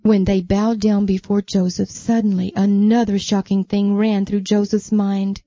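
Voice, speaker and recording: A woman telling a Bible story to children, gently asking them questions along the way. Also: medium pitch, little pitch movement, a little slow, no echo, muffled recording.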